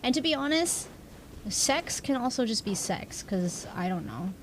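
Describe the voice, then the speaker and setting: A woman's voice: fairly high pitch, sing-song, measured pace, background noise. A young adult woman livestreamer chatting casually with her viewers, rambling and self-deprecating, laughing often. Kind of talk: casual stream chat.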